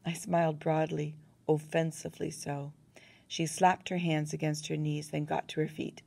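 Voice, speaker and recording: A woman reading a first-person novel aloud as an audiobook narrator, in a measured, even storytelling manner. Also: deep voice, vocal fry, no echo.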